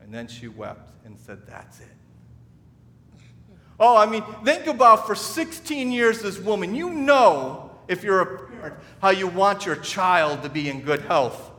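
A man delivers a sermon with a fairly high-pitched voice. He talks the way people talk when telling a story, stumbling and restarting his phrases. His words ring out with the long reverb of a big church hall. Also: very animated, measured pace, few pauses, pushed and bright. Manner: conversational storytelling with repeated restarts. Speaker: pastor.

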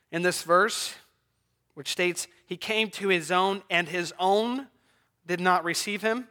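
A man preaching a sermon, swinging between hushed near-whispers and loud, emphatic declarations. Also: high voice.

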